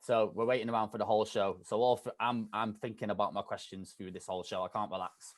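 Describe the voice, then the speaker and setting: A man's voice: on the low side, fast. A man with a Mancunian accent tinged with Scouse and London, a radio DJ telling stories in casual podcast chat. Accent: Mancunian mixed with Scouse and London. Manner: animated, chatty storyteller. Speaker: radio DJ guest.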